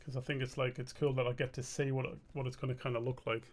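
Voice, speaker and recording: A man's voice: medium pitch, fast, a little hiss or hum. A young man, thinking aloud in a casual, muttering way while he draws on a live stream. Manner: muttering to himself, self-questioning, relaxed.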